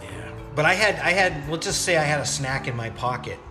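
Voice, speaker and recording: A man's voice: a little high, animated, brisk, over music. A man hosting a podcast, telling rambling, profane stories in a casual way. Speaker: podcast host. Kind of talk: casual storytelling.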